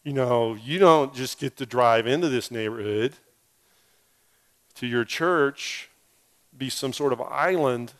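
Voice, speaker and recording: A male pastor delivers a sermon as a personal story, dropping in wry, self-deprecating asides. His voice is smooth and resonant at an ordinary pitch. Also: takes it slowly, long pauses, a bit bright.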